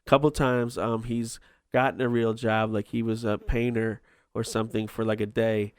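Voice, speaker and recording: Podcast guest, male, smooth close dry voice, rambles and hesitates. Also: medium pitch, level tone, moderate pace, no echo. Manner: rambling, many ums. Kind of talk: casual chat.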